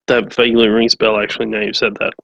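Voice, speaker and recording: A man's voice: fairly low pitch, little pitch movement, quick pace, gravelly, a bit bright, muffled recording, a little hiss or hum. An Australian man co-hosting a gaming podcast, chatting casually with a dry, teasing manner. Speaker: podcast co-host. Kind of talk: casual chat.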